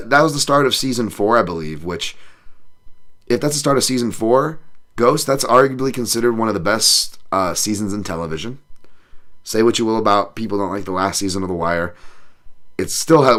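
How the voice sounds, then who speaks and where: A man hosts a podcast in loose, casual talk, reading out chat messages and answering them with plenty of swearing and self-mocking jokes. His voice sits a little low and has a bright, forceful edge. He laughs easily and drops into silly voices now and then. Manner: profane, self-deprecating, reads chat aloud; laughs often, does funny voices. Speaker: podcast host. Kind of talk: casual live-stream chat.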